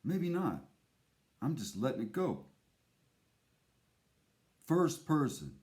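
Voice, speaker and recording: A man's voice: mid-range voice, wildly swooping pitch, slow pace, a little mellow. A man hosting his own show in a rambling, theatrical monologue, swearing often and jumping from thought to thought. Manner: profane, erratic, theatrical. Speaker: host.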